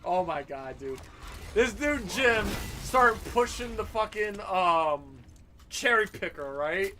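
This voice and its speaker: A man in his thirties hosting a gaming livestream, telling profane, animated stories with frequent laughter. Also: sits high, slow pace, slight background noise. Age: 30s. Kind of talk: casual livestream chat and storytelling.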